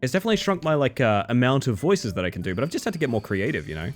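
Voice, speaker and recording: Casual male game streamer, lively candid chat, some swearing, faint game music behind. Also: mid-range voice, racing. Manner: candid, chatty, swears, restarts when thinking aloud.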